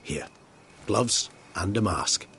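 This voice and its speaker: A man's voice: on the low side, expressive, slow, creaky, fairly bright tone, a little hiss or hum, exaggerated voice. An actor playing a refined, ironic male vampire in a video game, with eloquent, theatrical phrasing. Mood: teasing. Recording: game audio with music underneath. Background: music.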